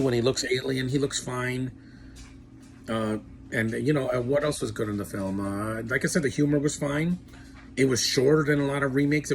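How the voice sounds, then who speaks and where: A man's voice: mid-range voice, slight background noise. A man giving a casual, rambling film review with blunt opinions and lots of fillers. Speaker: movie reviewer.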